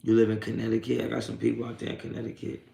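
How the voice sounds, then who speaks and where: Gravelly, profane livestream host in echoey room. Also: male voice, fairly low pitch, monotone, racing, mellow. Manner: profane, streetwise trash talk; taunting, laughing off trolls. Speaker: sports talk livestream host. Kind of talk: live post-game reaction stream, reading chat.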